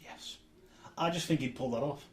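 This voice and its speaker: A man's voice: mid-range voice, faint music behind. Man, casual chat, jokey, echoey room. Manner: enthusiastic, jokey, does quick voice impressions. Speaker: podcast co-host. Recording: echoey room with faint hiss.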